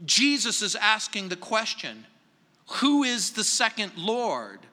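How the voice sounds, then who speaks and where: Man, pastor, verse-by-verse sermon, high bright voice, slow deliberate delivery, hall reverb. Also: huge pitch swings. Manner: measured, emphatic preaching with slow stressed phrases. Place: church sanctuary.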